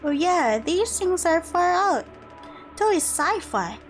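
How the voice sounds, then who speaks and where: Laid-back young male crewman, read by a woman, hesitant, filler-heavy, high voice. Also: sing-song, unhurried, faint music behind, exaggerated voice. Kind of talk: reading game dialogue aloud.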